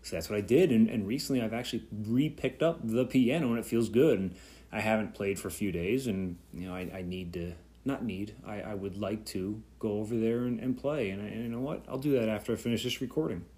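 A man's voice: on the low side, a little fast, dark tone. A man in his thirties hosting his own podcast, talking alone in a reflective, rambling way with many fillers and restarts. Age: 30s. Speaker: podcast host. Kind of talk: solo podcast talk.

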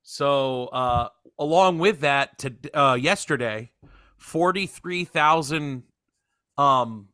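A man's voice: medium pitch, slow pace, bright, forceful tone, clear, resonant tone, dry recording, studio quality. A young man hosting a podcast, joking and swearing in casual chat. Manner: profane and joking. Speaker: podcast host.

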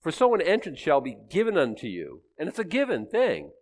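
A man's voice: fairly high pitch, wildly swooping pitch, fairly quick. A man in his sixties giving a conversational sermon as pastor, chatting with the congregation and poking fun at himself. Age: 60s. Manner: chatty, asks the congregation questions, self-teasing.

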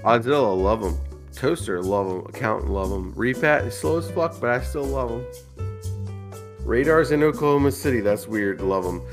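A man's voice: medium pitch, lively intonation, normal speed, soft background music. A drunk man co-hosting a podcast, rambling and swearing in casual chat. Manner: rambling, profane. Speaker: podcast co-host.

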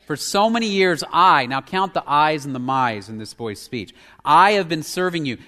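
A male pastor preaching a sermon, shifting between emphatic, loud passages and hushed, near-whispered lines. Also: a little high. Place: church sanctuary. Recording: long hall reverb.

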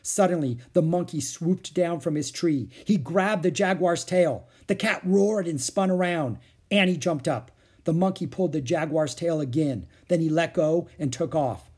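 A man reading a children's chapter book aloud as a storyteller, with expressive, animated delivery. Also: fairly high pitch, moderate pace, slightly rough.

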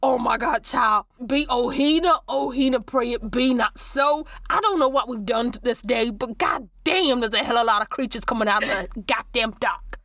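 A woman's voice: sits high, unhurried, fairly bright tone, dry recording, studio quality, recorded from a distance. A woman voicing a dramatic, devout woman who is terrified of ghouls, exclaiming and stammering. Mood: panicked.

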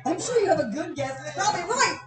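A woman's voice: very high-pitched, expressive, fast, roomy sound. A woman playing a casual podcast guessing game, playful and laughing, hesitant as she works out her guesses. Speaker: podcast guest and contestant.

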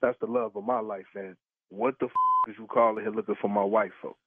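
A man's voice: on the low side, fairly even intonation, a little fast, breathy edge, dry recording. Tired guy on a tinny phone line, blunt slang, keeps asking who this is, dry sound. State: tired from work. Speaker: prank call target, truck driver. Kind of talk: phone conversation.

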